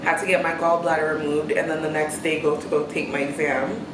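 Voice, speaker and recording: A woman's voice: deep voice, a little fast, far from the mic, noisy background. Chatty woman with a roomy sound. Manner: animated storyteller, laughs often. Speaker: host. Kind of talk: casual chat. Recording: roomy sound with music behind.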